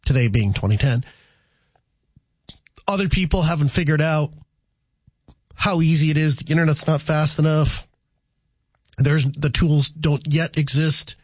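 A man's voice: fairly high pitch, no room sound. A man hosting a call-in radio talk show, chatty and rambling, with many fillers and restarts.

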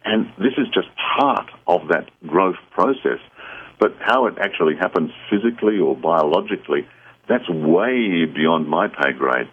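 A man's voice: low-pitched, animated, normal speed, slightly rough. A man guesting on a radio call-in show, giving earnest, reassuring advice over a phone line. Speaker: psychic guest.

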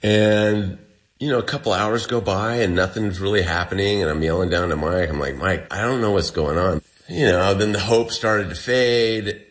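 A man with a lowish voice speaks at a moderate pace as an interview guest, casually recounting how he survived an ordeal. He tells it with animation, acting out the dialogue of the people involved.

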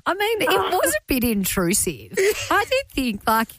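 A woman's voice: high voice, wildly swooping pitch, unhurried, a bit bright, no room sound. A woman co-hosting breakfast radio, chatty and teasing, laughing often, on a studio mic. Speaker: radio co-host. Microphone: studio microphone.

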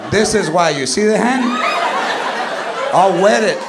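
A man's voice: sits high, expressive, unhurried, gravelly, full character voice. Man doing a fierce scolding Latino parent. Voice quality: loud, mock-stern, Spanish-laced scolding. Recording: live comedy club, loud crowd noise.

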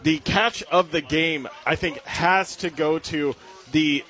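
A man's voice: on the high side, takes it slowly, bright, forceful tone. A young man giving upbeat post-game sports commentary, joking and correcting his own slips as he goes. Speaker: play-by-play commentator.

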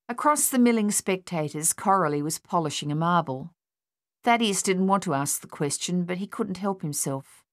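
A woman narrating an audiobook in a steady storytelling manner. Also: fairly low pitch, moderate pace, dry recording, studio quality.

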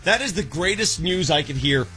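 Bright-voiced man talking football. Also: on the high side, animated, normal speed, soft background music. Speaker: sports talk co-host. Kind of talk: casual sports chat.

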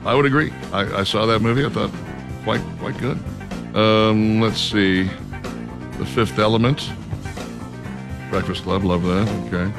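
Gravelly radio host guy, low and laid back, lots of ums, music bed behind. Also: unhurried, long pauses. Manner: relaxed, drawling, with many ums and uhs. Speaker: radio talk show host. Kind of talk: casual radio chat reading listener picks. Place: radio studio.

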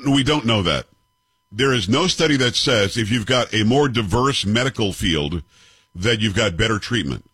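Fifties male host, combative and sarcastic, husky lively delivery, dry studio sound. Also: on the low side, dry recording. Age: 50s. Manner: combative, sarcastic, rhetorical questions. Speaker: commentary show host. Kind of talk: opinionated commentary on clips.

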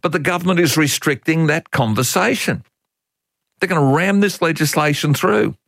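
A man's voice: a little high, normal speed, gravelly, dry recording. An older Australian man hosting talkback radio, talking in a folksy, opinionated and exasperated way. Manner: animated, exasperated, folksy opinionated talk with laughs.

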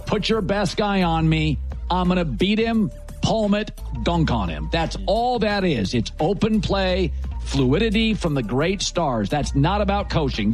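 A man hosting a sports talk show, blunt and emphatic in his opinions. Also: high-pitched.

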